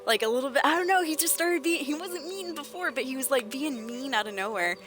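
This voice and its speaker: With music playing in the background, a young adult woman whose voice sits high talks a little fast during a game stream. She chats casually and tells stories animatedly, performing the people she quotes.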